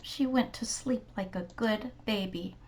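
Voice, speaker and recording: A woman reading a children's storybook aloud in a soft, gentle, sometimes whispery manner. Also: medium pitch, measured pace.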